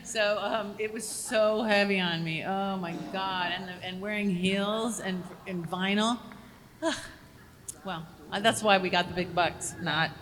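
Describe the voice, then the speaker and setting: A woman's voice: mid-range voice, fairly even intonation, unhurried, fairly bright tone, a little hiss or hum. A woman on a convention panel telling a story in a wry, self-mocking way. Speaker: panel guest. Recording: echoey convention hall.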